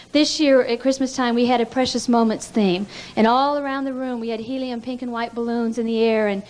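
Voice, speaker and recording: A woman's voice: a little high, a little mellow. A woman giving a teaching talk at a pastors' conference, telling stories earnestly and often stammering on repeated words.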